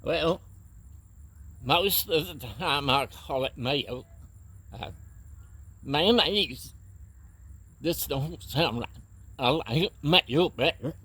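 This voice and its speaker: A laid-back middle-aged man who talks very slowly. His voice is a bit husky and sits somewhat high for a man, and he sounds plainspoken throughout. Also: lively intonation, pushed and bright. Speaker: co-host. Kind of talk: casual accent-tag chat.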